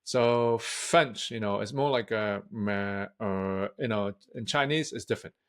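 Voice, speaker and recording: A man's voice: fairly low pitch, normal speed, fairly bright tone, smooth. A man who is a public speaking coach, speaking as a guest in a casual interview in a frank, direct way. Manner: frank, direct, matter-of-fact.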